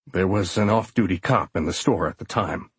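A grave agent supervisor, voiced by a male narrator, speaks low and quiet with a husky edge. He sounds hesitant and subdued throughout. The recording is close and dry. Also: moderate pace, dry recording.

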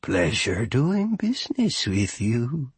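A man voicing a wizened, sly old male goblin trader in a storybook, talking in a slow, low drawl. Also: wildly swooping pitch, husky, no room sound, full character voice. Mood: smug.

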